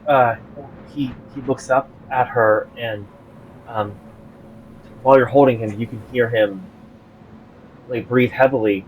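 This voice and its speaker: A man narrating as game master of a tabletop game, halting with many fillers and restarts. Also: mid-range voice, slight background noise, rough recording.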